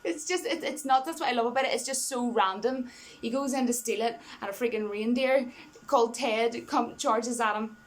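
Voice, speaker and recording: A fairly high-voiced woman chats through a film review in a loose, rambling way. She is openly enthusiastic, laughs between her points and keeps circling back with "you know" and restarts. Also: moderate pace, a little hiss or hum.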